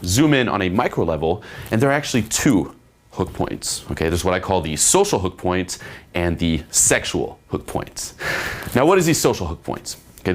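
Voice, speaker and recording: A man with a somewhat low voice teaches dating technique in an emphatic monologue. He keeps checking in with a quick "okay?" and slips into exaggerated higher voices to act out how women respond. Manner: acts out women's replies in raised voices. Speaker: dating coach. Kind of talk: instructional monologue.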